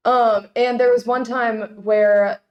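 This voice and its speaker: A young woman in her late teens, co-hosting a student podcast and telling an animated story full of "like". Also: fairly high pitch, slow pace, muffled recording, crowd noise. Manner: animated storytelling, heavy use of "like". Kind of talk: casual chat.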